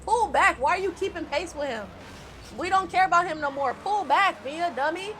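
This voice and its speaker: A woman's voice: extremely high pitch, moderate pace, a bit bright, slight background noise. A young woman giving casual reaction commentary to a movie, talking back at the screen with teasing jokes and exclamations.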